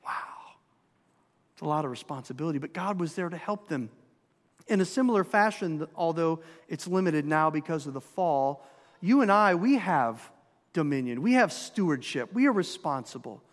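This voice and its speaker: Speaking at a normal speed in a slightly high, animated voice, a Minnesotan-accented pastor delivers a sermon and presses the congregation with emphatic questions. There's long hall reverb on the recording.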